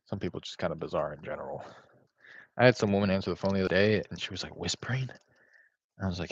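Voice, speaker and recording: A man's voice: low-pitched, quick pace. A man making casual real estate cold calls from home while making lunch, talking in a laid-back, conversational way with lots of fillers. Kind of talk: casual livestream chat and phone calls. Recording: slightly dull, dry recording.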